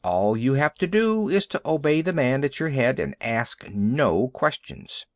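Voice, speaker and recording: A man's voice: mid-range voice, big pitch swings, a little slow, dry recording. A man voicing a veteran male army mule who talks in a blunt, knowing, scolding way.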